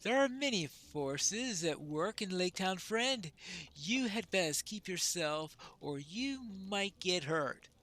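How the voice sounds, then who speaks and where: Player doing a solemn patron, slow warning, bright tone. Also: medium pitch, animated. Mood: grave.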